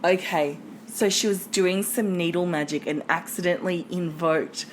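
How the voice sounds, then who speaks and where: A woman's voice: lowish voice, fairly even intonation, moderate pace, a little hiss or hum. A woman co-hosting a podcast, bantering playfully in casual chat. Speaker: podcast co-host.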